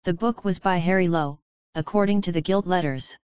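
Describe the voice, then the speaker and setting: A woman narrating a book chapter in a calm, measured storytelling manner. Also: lowish voice, dry recording, dull audio. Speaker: audiobook narrator. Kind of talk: scripted narration.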